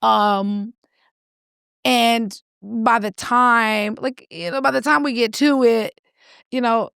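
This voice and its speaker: Woman, thirties, animated storyteller, slightly high voice with gravelly fry, dry close sound. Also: slow, no echo. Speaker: podcast co-host. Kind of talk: casual chat, storytelling.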